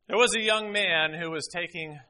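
Bright-voiced middle-aged preacher. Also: male voice, sits high. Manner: storytelling, folksy, with many "you know" fillers. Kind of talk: sermon.

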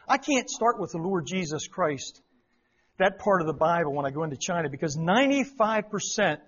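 Man, fairly high voice, folksy teacher at church, dull lo-fi sound. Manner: folksy, repeats words for emphasis. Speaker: missionary teacher. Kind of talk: church talk explaining Chinese characters. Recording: dull lo-fi recording.

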